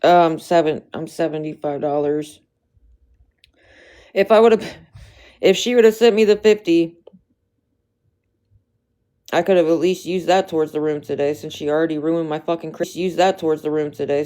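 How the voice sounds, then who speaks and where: Low-voiced woman venting on a livestream. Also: fairly even intonation, normal speed, pauses often, mellow. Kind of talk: casual livestream chat.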